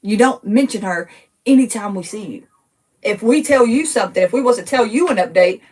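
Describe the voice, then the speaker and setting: A woman in her thirties talking casually to viewers from her home, emotional and quick to get worked up, repeating herself as she talks. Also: mid-range voice, lively intonation, darkish tone, recorded from a distance. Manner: emotional, gets worked up, rapid and repetitive. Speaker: TikTok creator. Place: her home living room.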